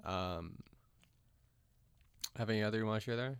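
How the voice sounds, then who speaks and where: A man's voice: lowish voice, moderate pace, clear, resonant tone, no echo. A man co-hosting a casual chat, reading reviews aloud with dry jokes. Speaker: podcast co-host.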